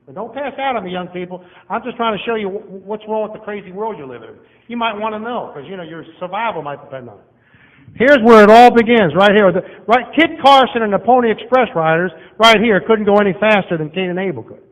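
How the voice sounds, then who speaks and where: A man delivers a folksy, lively sermon, pointing and pacing across a church auditorium. His voice sits a little high for a man. The recording is dull and lo-fi, with a long reverb from the hall. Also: fast. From Southern United States. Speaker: guest preacher.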